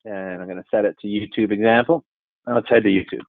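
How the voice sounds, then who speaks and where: A man presenting a live software demo webinar, walking through code in a casual, upbeat, chatty way. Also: fairly low pitch, steady tone, fairly quick, no room sound, phone-quality sound. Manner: casual, upbeat, chatty with frequent "all right" and "okay, cool".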